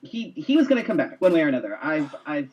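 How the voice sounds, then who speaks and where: High-pitched, teasing man swearing freely. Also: sing-song, fast talker, highs cut off, crowd noise. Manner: profane, teasing banter. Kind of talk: casual chat.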